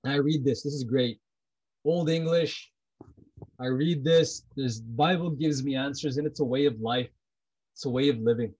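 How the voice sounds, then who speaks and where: A man's voice: medium pitch, moderate pace, darkish tone, breathy edge, rough recording. A man talking about prayer in a heartfelt, personal way. He is intense and blunt, repeats himself, and swears freely.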